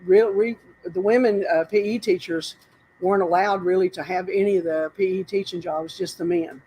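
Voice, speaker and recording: A woman's voice: fairly low pitch, fairly even intonation, normal speed, dark tone, slight background noise, poor audio. An older woman from North Carolina, telling stories in a casual, rambling interview, often breaking off and laughing. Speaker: interview guest. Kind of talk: casual storytelling.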